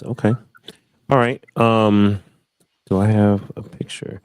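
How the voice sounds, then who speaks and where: A man's voice: fairly low pitch, slow, pauses often, a little mellow, smooth, dry recording. A man hosting a casual panel chat, loose and repetitive, often calling out to the group. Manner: loose, repeats phrases, says y'all. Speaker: host.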